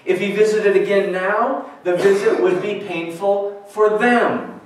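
A man's voice: high voice, fairly even intonation, a little slow. A man preaching a sermon as a pastor, earnest and questioning, reading scripture aloud between his points. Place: church sanctuary. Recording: echoey church recording from far off.

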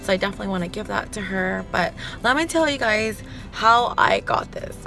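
Young woman, husky voice, chatty casual vlog, excitable, background music. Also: medium pitch, fairly quick. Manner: chatty and excitable, talks to viewers. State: husky, lowered voice while recovering. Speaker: vlogger.

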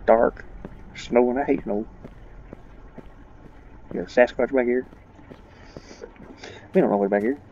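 A man's voice: medium pitch, unhurried, long pauses, mellow, lo-fi sound, a little hiss or hum. A man giving let's play commentary, rambling and joking his way through a spooky game, laughing at his own nerves. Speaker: gaming channel host.

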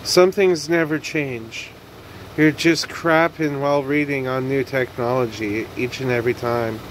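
A man's voice: medium pitch, steady tone, a little slow, a little hiss or hum, low-quality recording. A man vlogging in a casual, rambling late-night monologue, tired and yawning, sighing and trailing off. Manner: rambling, self-talking, sighs and trails off.

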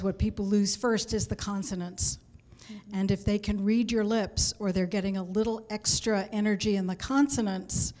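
A woman clinician co-presenting at a session, giving practical advice to the audience in a clear, instructive way. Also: medium pitch, darkish tone.

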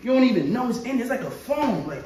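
A young man doing a casual show-and-tell vlog, excitable and slangy with frequent exclamations. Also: very high voice, quick pace. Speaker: vlogger showing his collection. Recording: very echoey, far from the mic, faint noise.

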